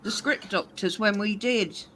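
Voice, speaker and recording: A woman's voice: medium pitch, a little slow, fairly bright tone, slight background noise. A British woman chatting casually with friends, laughing and teasing as she talks. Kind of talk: casual group chat.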